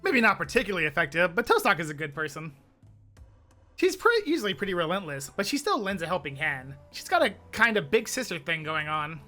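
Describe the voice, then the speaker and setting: Woman, group visual novel reading, very lively pitch, low-ish voice. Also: brisk, faint music behind. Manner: chatty, narrates actions in first person. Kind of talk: group script reading on a stream.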